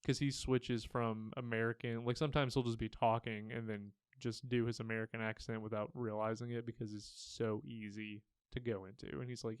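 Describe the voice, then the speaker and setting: A young man co-hosting a podcast, retelling scenes in a relaxed, rambling way with plenty of fillers. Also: mid-range voice, normal speed, smooth, no room sound, studio quality. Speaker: podcast co-host. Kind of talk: casual chat.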